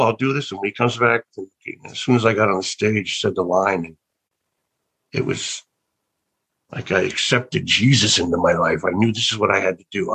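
An older man with a low, gravelly, husky voice tells rambling stories as an interview guest. He circles back and restarts his sentences, wondering aloud about the past in a relaxed, reflective way. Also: rough recording. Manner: rambling, with many restarts and trailing thoughts. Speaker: actor and guest. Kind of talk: casual interview storytelling.

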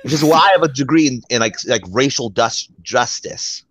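Husky man ranting on a panel. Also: medium pitch, moderate pace, a bit bright. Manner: heated, ranting, profane. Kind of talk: casual panel discussion.

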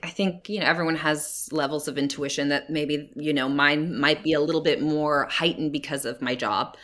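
Casual: low-pitched woman guest, laid-back interview talk, trails off, laughs softly. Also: normal speed. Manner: relaxed, trailing off with fillers and soft laughs. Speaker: actor guest.

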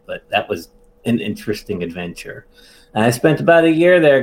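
Male guest, 40s, relaxed and low-key, mid-pitched. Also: poor audio. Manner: relaxed, many fillers like "uh" and "like". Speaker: guest, military veteran. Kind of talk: casual interview answers.

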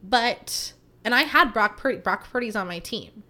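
A woman's voice: a little high, normal speed. Chatty woman in her thirties. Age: 30s. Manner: chatty, animated storytelling, heavy use of "like". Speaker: podcast host. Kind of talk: casual chat.

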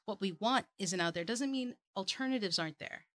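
A woman's voice: mid-range voice, fairly quick, fairly bright tone. A woman hosting a casual interview. She is down-to-earth and wry, with a dry sense of humor.

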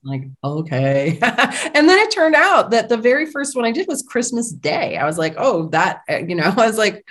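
A woman's voice: a little high, big pitch swings, moderate pace, a bit bright. A middle-aged woman being interviewed as an author, talking casually and laughing often as she acts out her own past remarks. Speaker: guest, author and sound researcher.

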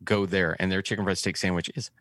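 A man's voice: low-pitched, little pitch movement, fast talker, a bit bright, dry recording, studio quality. A man from Texas, co-hosting a podcast, telling stories in a laid-back, casual way. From Texas, USA. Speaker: podcast co-host. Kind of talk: casual chat, storytelling.

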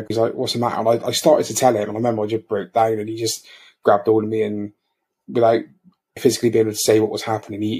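Halting, husky man. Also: fairly low pitch. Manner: halting, many restarts, soft-spoken. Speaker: bereaved father, guest. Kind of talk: personal storytelling, emotional recollection.

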